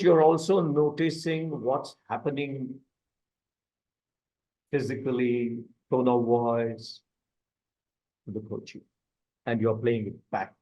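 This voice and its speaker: A man's voice: mid-range voice, darkish tone, slightly rough, low-quality recording. A man leading a coaching masterclass, explaining step by step and asking the audience questions. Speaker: coaching instructor. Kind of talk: online masterclass teaching.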